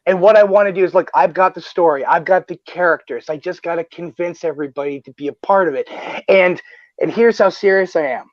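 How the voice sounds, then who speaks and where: Male streamer, high-pitched and passionate, swears a lot; dull, dry mic sound. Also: fairly quick, dry recording. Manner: excited, swears often, many restarts. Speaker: stream host. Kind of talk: casual livestream chat.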